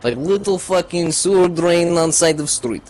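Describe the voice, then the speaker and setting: A man's voice: on the high side, normal speed, slight background noise, close to an everyday voice. Man putting on a crude fake-Russian storyteller. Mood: deadpan. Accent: put-on Russian. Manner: broken English, swears a lot, deadpan. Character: crude young man telling tall tale. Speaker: gaming group regular. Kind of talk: rambling comic storytelling.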